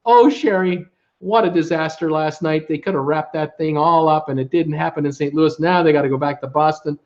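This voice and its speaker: Upbeat livestream host, a man with a somewhat high voice, chatty and filler-heavy, recorded on muffled webcam audio. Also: fairly quick. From Ontario, Canada. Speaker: livestream host reading viewer chat. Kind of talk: casual live chat. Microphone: webcam setup at home.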